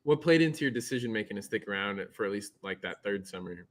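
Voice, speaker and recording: A Nebraska man hosts a podcast over a remote call, talking fast in a lowish, animated, slightly bright voice. Upbeat and friendly, he asks chatty questions in a casual interview.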